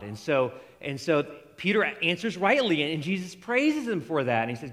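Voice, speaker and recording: Preacher with a long hall echo. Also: male voice, on the high side, normal speed, few pauses. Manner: animated storytelling, acts out quoted dialogue. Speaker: pastor. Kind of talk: sermon.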